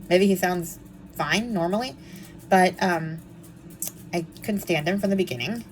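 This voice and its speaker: A young woman talks through a book review in a casual, snarky way, full of ums and quick asides. Her pitch jumps around a lot as she gets worked up. A faint background hiss sits under her voice. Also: poor audio. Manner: animated, snarky and chatty, with frequent ums.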